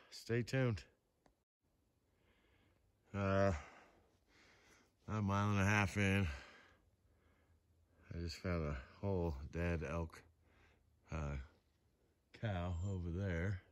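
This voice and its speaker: A middle-aged man vlogging outdoors on a forested slope, talking into a handheld camera in a rambling, halting way full of fillers. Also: low voice, fairly even intonation, dry recording. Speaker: outdoor vlogger hunting moose antler sheds. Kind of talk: casual hiking vlog to camera.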